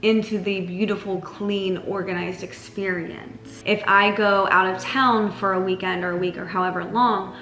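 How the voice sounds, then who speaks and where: A woman's voice: fairly even intonation, moderate pace, few pauses, a bit bright. A young adult woman giving casual lifestyle advice to camera, chatty and full of "like", sometimes mocking herself playfully. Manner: chatty, lots of "like", mocks herself in a whiny high voice. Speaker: lifestyle vlogger. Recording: roomy echo with faint music.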